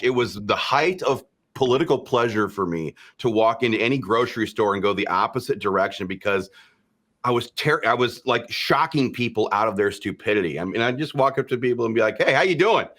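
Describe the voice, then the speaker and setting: A man's voice: on the low side, expressive, a little fast, a bit bright. A man co-hosting a political podcast who talks in a brash, profane, mocking way. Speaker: podcast co-host. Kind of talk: opinionated political talk.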